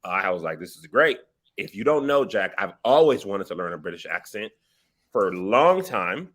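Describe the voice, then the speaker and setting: Male host, bright tense tone, playful and chatty. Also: low voice, moderate pace. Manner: playful, joking and energetic. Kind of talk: casual interview chat.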